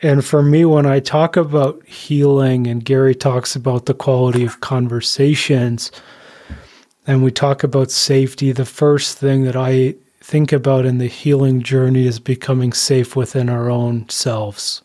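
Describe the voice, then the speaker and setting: Male co-host, mellow, deliberate, reflective. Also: medium pitch, flat delivery. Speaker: podcast co-host. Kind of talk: reflective interview talk.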